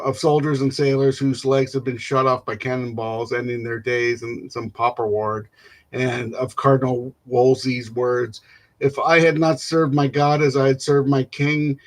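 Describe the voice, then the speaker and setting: A man reading a classic novel aloud without rehearsal, stumbling and restarting words and filling pauses with "uh". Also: mid-range voice. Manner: halting, stumbles and restarts words, fills gaps with "uh". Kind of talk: unrehearsed reading aloud of literary prose.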